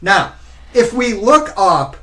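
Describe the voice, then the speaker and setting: A man's voice: high-pitched, sing-song, takes it slowly, fairly bright tone. A man hosting a live stream, talking casually and rambling as he addresses his viewers directly. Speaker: streamer host.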